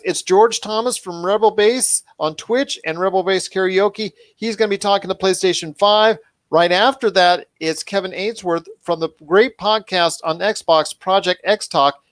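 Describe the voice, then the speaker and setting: A man's voice: high voice, dry recording. A man hosting a pop culture podcast, talking enthusiastically and rambling with restarts. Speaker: podcast host. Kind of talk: casual podcast chat.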